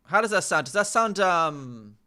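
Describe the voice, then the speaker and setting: An American man hosting a casual live chat, slowly sounding out words with many fillers and pauses. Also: high voice, expressive, sharp tone. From United States. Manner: slow, hesitant, full of fillers, sounding out words. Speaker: livestream host learning Polish.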